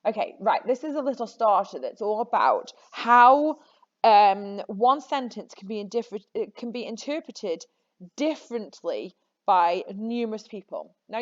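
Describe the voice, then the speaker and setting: A woman teacher talking through a lesson in a chatty, encouraging way, often stopping to correct herself. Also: medium pitch. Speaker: English teacher. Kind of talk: recorded classroom lesson. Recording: slightly dull lo-fi audio.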